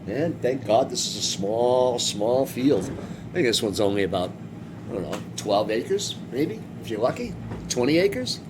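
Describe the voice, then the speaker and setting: A man's voice: mid-range voice, sing-song, measured pace. A man from Massachusetts giving rambling, joking commentary while streaming a farming game. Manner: chatty, rambling, joking asides. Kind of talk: casual gameplay commentary. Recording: game vehicle engine noise behind.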